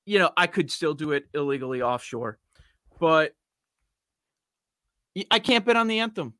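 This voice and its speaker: Bright, dry-sounding man talking sports. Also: a little high, dry recording. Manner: easygoing, explanatory, laughs often. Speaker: podcast co-host. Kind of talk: casual sports talk.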